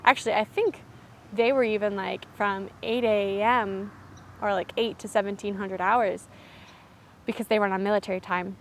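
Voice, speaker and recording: A woman's voice: medium pitch, fairly even intonation, moderate pace, slight background noise. A young adult woman and college student telling a story to camera in a chatty, self-deprecating way. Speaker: vlogger, college student of French.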